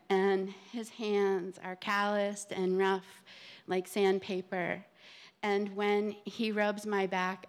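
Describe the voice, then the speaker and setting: Halting woman telling a personal story. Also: lowish voice, clean tone. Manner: halting, searching for words. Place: theater stage.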